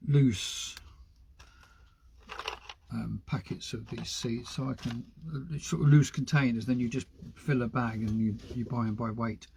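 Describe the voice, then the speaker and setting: A chatty man runs his weekly gardening live stream from a greenhouse, talking half to himself as he works. His voice sits at an ordinary middle pitch, and a faint hiss of background noise runs under it. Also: fairly even intonation, a little slow, gravelly, a little mellow. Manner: chatty, rambling, talks to himself while potting. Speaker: gardening channel host. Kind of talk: casual live-stream chat while working.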